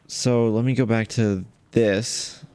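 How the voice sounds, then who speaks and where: Low-voiced man musing through a game. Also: steady tone, slow, darkish tone, smooth. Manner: musing aloud, chuckling, trailing off. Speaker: streamer. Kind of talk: casual gameplay commentary.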